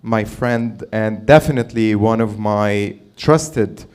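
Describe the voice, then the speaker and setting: A man's voice: on the low side, slow pace, a little mellow, clean tone. A man from the Middle East hosting an open mic, doing a brash, rambling stand-up set with swearing, in a small comedy venue on a stage mic. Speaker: comedy host.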